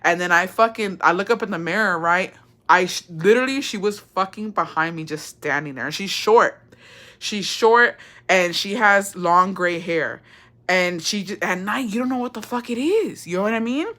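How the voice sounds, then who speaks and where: A young woman telling her viewers a story in a casual, animated way, swearing a lot and slipping between English and Spanish. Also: mid-range voice, moderate pace.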